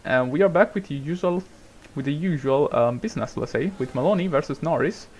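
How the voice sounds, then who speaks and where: A man's voice: on the high side, fairly quick. Swearing casual gaming commentator man. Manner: swears a lot, rambling, bursts into shouting at drivers. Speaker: gamer commentating a racing management game. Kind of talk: casual let's-play commentary.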